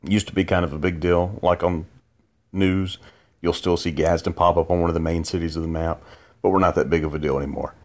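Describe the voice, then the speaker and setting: A very low-pitched man talks through a late-night podcast monologue from his bed. He rambles and loops back on himself, drowsy and unhurried, restarting sentences as he goes. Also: fairly even intonation. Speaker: podcast host. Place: in bed at home.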